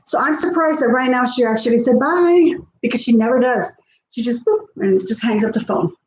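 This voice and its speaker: Chatty high-voiced woman cooking. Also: animated, moderate pace, roomy sound, slight background noise, low-quality recording. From South Texas. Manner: chatty, laughs often, reads viewer comments aloud. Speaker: vlogger. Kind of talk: casual chat while cooking. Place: home kitchen.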